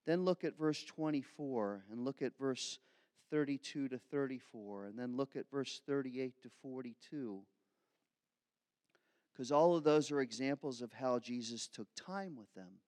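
A man's voice: mid-range voice, measured pace, a little mellow. A male pastor from Philadelphia giving a conversational, self-deprecating sermon. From Philadelphia, USA. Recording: long hall reverb.

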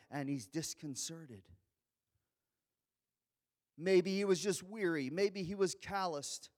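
A man's voice: fairly high pitch, a little mellow. A man preaching a sermon, telling the story dramatically and acting out the lines of the people in it. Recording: long reverb of a large hall.

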